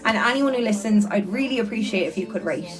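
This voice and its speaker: A woman's voice: on the high side, expressive, fast, music in the background. A young woman, hosting a casual livestream and reading out viewer comments in a chatty, earnest way, repeating words for emphasis. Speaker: livestreamer and podcast host.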